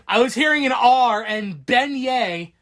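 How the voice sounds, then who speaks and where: Woman co-host, laid-back banter, lively pitch that swings up and down. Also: measured pace. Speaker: podcast co-host. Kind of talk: casual podcast chat.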